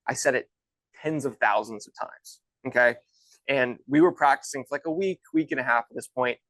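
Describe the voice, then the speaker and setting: A man's voice: medium pitch, brisk, fairly bright tone, dry recording, poor audio. A man in his thirties, a golf instructor and former pro, telling stories in a loose, chatty way with many restarts. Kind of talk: casual storytelling.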